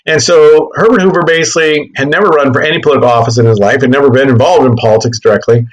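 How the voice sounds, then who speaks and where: A man giving a history lecture in class, animated and joking, often correcting himself mid-sentence. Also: mid-range voice, rapid-fire, few pauses, rough recording. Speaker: history teacher.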